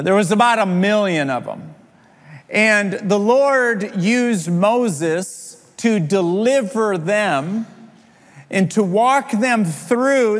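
A man preaching a sermon as a pastor, telling a story in an animated way and acting out the quoted figures. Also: sits high. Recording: long hall reverb.

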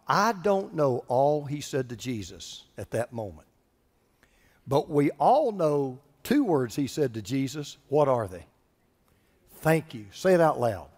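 A man preaching a sermon as pastor, animated, swinging between loud passages and hushed ones. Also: on the high side. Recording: hall reverb.

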